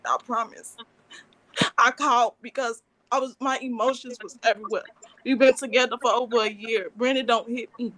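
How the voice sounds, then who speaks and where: A woman's voice: a little high, a bit bright, no room sound. A woman in her twenties making an emotional, rambling plea at a court hearing over a remote call. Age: 20s. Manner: emotional, pleading, run-on sentences. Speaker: alleged victim addressing a bond hearing.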